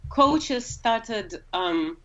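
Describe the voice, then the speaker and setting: A woman's voice: fairly high pitch, animated, very slow, pushed and bright, dull audio. Russian-accented woman explaining things casually. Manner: explanatory, with frequent fillers and self-corrections. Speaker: guest, opera singer. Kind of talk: casual conversation.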